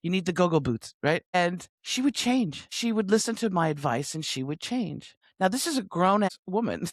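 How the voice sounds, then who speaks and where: A woman in her sixties, a coach telling stories as an interview guest on a remote call, lively and laughing often. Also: on the low side, moderate pace, no room sound, clean studio sound. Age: 60s. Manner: lively, animated storyteller with frequent laughs. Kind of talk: conversational interview storytelling. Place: home near Sydney, remote call.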